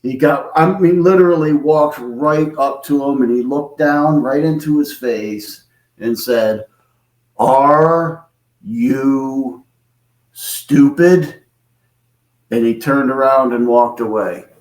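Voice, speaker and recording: A man who is a podcast guest, telling a story quietly and in a measured, casual way. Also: mid-range voice. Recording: roomy sound from a distant mic.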